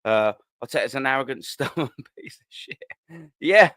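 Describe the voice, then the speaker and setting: A man hosting a casual live stream, giving shout-outs to viewers in slang and swearing freely. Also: mid-range voice, lively intonation, normal speed, dry recording, studio quality. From England. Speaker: livestream host reading chat.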